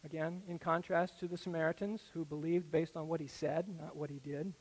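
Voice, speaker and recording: A man preaching a sermon that explains a Bible passage, earnest and explanatory, often dropping to a soft, low tone. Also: fairly even intonation, fairly quick, husky. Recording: echoey hall with long reverb.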